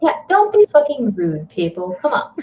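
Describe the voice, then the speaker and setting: A woman's voice: fairly high pitch, wildly swooping pitch. Giggly teasing woman on a stream. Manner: giggly, teasing, quick banter. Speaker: co-host. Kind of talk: casual stream chat. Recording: slightly dull lo-fi audio.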